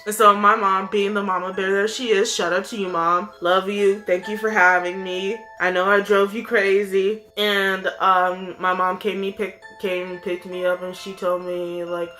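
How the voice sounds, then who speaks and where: A woman's voice: medium pitch, little pitch movement, normal speed, few pauses, pushed and bright, soft background music. A young woman vlogger telling a story casually, rambling with plenty of fillers.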